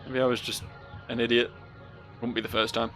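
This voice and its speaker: A man's voice: mid-range voice, flat delivery, brisk, fairly bright tone, soft background music. A man casually commenting on a game as he plays, rambling, self-mocking and swearing freely. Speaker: let's play host.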